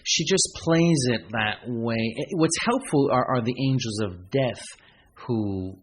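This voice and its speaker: A man co-hosting a casual film review podcast, playful and quick to quote lines in mock voices. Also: medium pitch, expressive, breathy edge. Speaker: podcast co-host.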